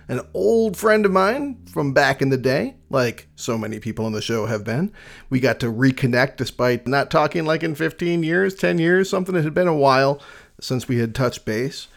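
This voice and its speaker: A man's voice: a little high, animated, moderate pace, gravelly. A man in his forties hosting a music podcast, chatty and laughing easily, with lots of fillers. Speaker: podcast host. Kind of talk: casual chat.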